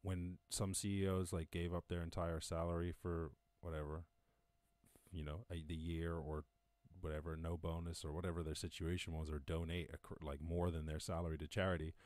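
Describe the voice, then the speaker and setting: A man's voice: sits low, a little mellow, dry recording. A man with an Irish accent hosting a casual live-stream, reading news and riffing on it, swearing freely and laughing at his own jokes. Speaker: podcast host. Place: home during lockdown.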